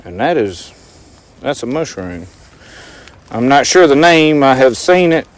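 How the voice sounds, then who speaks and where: A man's voice: medium pitch, big pitch swings, unhurried. A man, rambling folksy as he talks to the viewer through a camera mic outdoors in the woods. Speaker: outdoor vlogger. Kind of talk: casual outdoor demonstration. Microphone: handheld camera mic.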